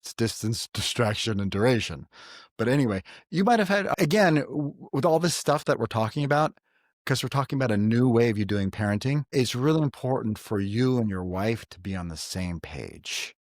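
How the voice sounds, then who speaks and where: A man's voice: mid-range voice, animated, moderate pace, no echo, clean studio sound. A middle-aged man hosting a podcast, giving earnest parenting advice in casual chat and telling stories with quoted voices. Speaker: podcast host.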